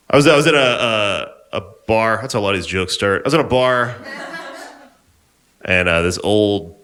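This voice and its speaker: A young male stand-up comedian works a live room with a loose, rambling, offhand delivery. His voice sits on the low side but has a bright, forward edge. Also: lively intonation, a little slow, pauses often, slight background noise. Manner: laid-back, rambling, offhand. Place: live comedy venue on stage.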